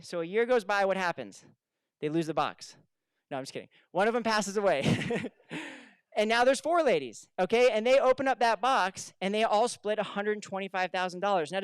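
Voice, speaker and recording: Man, high voice, smooth and crisp, energetic seminar speaker, asks the audience questions, dry close sound. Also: no room sound. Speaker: financial advisor speaking at a seminar. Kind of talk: live seminar talk to an audience. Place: room with a live audience.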